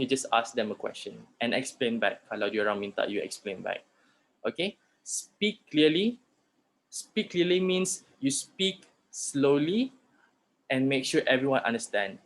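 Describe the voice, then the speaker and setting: A young man with a Malaysian English accent, lecturing an online class and switching between English and Malay as he explains with spoken examples. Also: mid-range voice. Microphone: computer mic in an online class.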